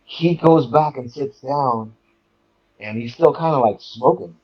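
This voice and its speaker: The guest's story comes out animated yet halting, full of restarts and repeated words, as he chats casually. His voice is mid-range, and the audio lacks its high frequencies.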